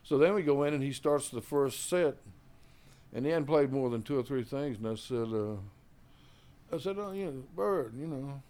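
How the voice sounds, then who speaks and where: A man's voice: normal speed, warm tone, smooth. An older man, a jazz musician, casually telling long stories about his early days, full of "you know" and "man", acting out the people he quotes. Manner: acts out others' quoted lines with raised pitch. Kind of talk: casual storytelling.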